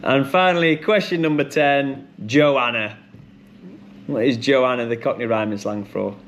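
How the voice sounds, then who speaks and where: A man hosting a pub quiz, chatty and rambling with many ums and restarts, who reads each question and then repeats it slowly. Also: mid-range voice, a bit bright, a little hiss or hum. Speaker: quiz host.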